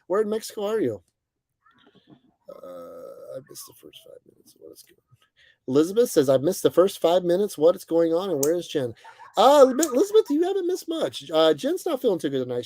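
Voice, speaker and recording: A young man hosting a casual livestream, greeting viewers by name and chatting in a relaxed, friendly way with plenty of fillers. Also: a little high, no echo. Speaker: livestream host. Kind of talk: casual chat reading viewer comments. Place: bus, indoors.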